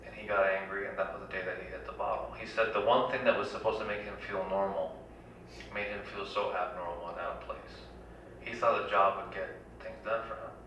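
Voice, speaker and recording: A man's voice: sits low, fairly even intonation, a little fast, sharp tone, a little hiss or hum. Earnest man speaking in an echoey hall. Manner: earnest, rallying, repeats phrases in lists. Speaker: congressional candidate. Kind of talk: town hall campaign speech. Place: community center hall. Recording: echoey hall, dull lo-fi, from far off.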